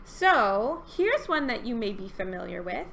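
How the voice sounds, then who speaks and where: Bright, lively woman leading storytime. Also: on the high side, measured pace, vocal fry, a little hiss or hum. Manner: animated, sing-song, playful, coaxing young listeners. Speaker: children's storytime host. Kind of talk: children's storytime reading and singing.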